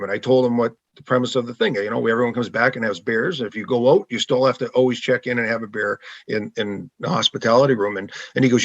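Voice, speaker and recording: A man's voice: medium pitch, quick pace, few pauses, no echo. Middle-aged man, easygoing storyteller, guest spot, muffled dry audio. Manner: laid-back anecdotal, laughs often. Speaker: guest, former hockey goalie. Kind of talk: casual podcast storytelling.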